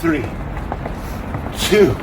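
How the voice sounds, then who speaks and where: A man presenting a children's nature walk, speaking slowly and in an exaggerated, coaxing way that invites kids to join in, recorded outdoors. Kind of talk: children's educational walk-along. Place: outdoors by a river. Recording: outdoor noise with passing traffic.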